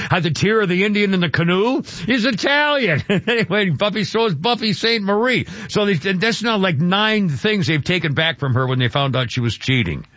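A man's voice: high-pitched, lively intonation, moderate pace, few pauses, fairly bright tone, no echo, highs cut off. Rambling older male radio host. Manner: rambling, self-interrupting, chuckling. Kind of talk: casual radio talk.

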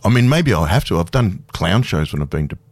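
A man's voice: sits low, sing-song, brisk, no room sound. A man in his fifties, a guest speaking candidly and self-deprecatingly in a casual radio interview, laughing easily. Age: 50s. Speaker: guest performer.

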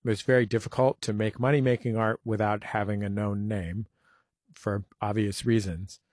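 A man's voice: lowish voice, fairly even intonation, normal speed, a little mellow, no room sound, clean studio sound. A man hosting an interview, asking long framed questions with a wry, joking touch. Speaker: radio interview host. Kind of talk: conversational interview.

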